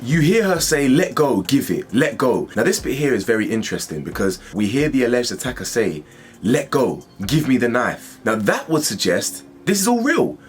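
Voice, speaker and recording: A man's voice: medium pitch, very animated, moderate pace. A man hosting a commentary channel, speculating about a video in a conversational way with rhetorical questions.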